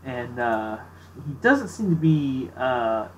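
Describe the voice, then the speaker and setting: A man's voice: medium pitch, big pitch swings, slow pace, highs cut off, slight background noise. Easygoing man running a tabletop game. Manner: casual, filler-heavy, laughs easily. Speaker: game master.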